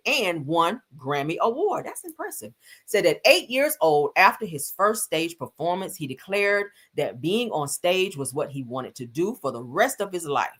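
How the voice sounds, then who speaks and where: Sassy, chatty woman with lively swings. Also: low voice. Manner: chatty, sassy, addresses viewers as y'all and honey. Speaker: celebrity gossip streamer. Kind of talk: casual chat.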